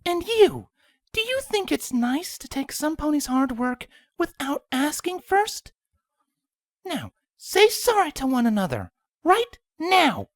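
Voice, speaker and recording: A woman voicing a gentle, shy young female pegasus pony in a storybook reading, speaking softly. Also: sits high, slow, dry recording, studio quality, voice pushed up, exaggerated voice. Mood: calmly stern. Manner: soft and gentle, calmly stern when needed.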